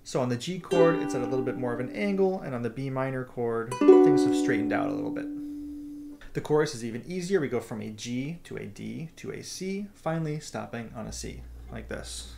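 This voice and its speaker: Guy with a bit of fry teaching ukulele, patient, counts the beats out loud, uke strumming loud behind. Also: mid-range voice, expressive, fairly quick, over loud music. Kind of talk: instructional explanation. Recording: ukulele playing throughout.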